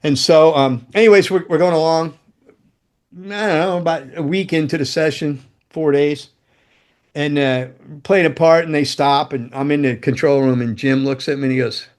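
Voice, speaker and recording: A man's voice: fairly high pitch, moderate pace. A man telling casual stories as a guest, a former guitar tech and roadie who swears freely, laughs as he goes, and acts out other people's lines. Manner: loose and profane, laughs mid-story, acts out quotes. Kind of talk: casual anecdotal storytelling.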